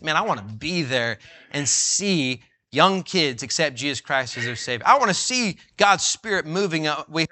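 Male preacher, fervent sermon delivery, bright and forceful voice, a bit high. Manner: fervent, rising to near-shouts when voicing Jesus; reads scripture in old-fashioned wording, slowing for emphasis.

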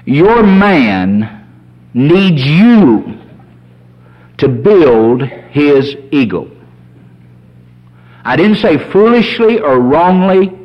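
A man preaching a sermon as a pastor, folksy and animated, telling humorous stories. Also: fairly high pitch, very slow, long pauses. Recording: dull lo-fi sermon recording.

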